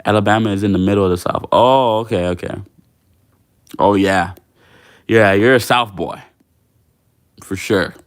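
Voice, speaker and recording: A man's voice: fairly low pitch, normal speed, long pauses. A young man hosting a fitness livestream, chatting casually with viewers in a slangy, laid-back way.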